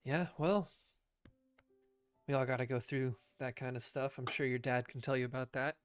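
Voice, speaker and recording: A man voicing a brisk officer woman. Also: a bass voice, fairly even intonation, no echo, soft background music.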